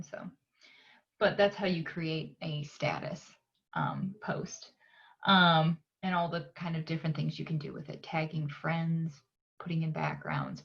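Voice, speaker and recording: A woman from a library talking through a software tutorial on her screen, unhurried and pausing with "um" as she clicks along. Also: deep voice, gravelly, highs cut off. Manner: unhurried, frequent "um" pauses while clicking.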